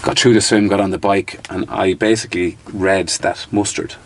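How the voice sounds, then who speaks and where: A man's voice: low voice, moderate pace. A man in his thirties with an Irish accent, a guest in a casual interview telling stories with restarts and the odd swear word. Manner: animated, restarts sentences, occasional swearing.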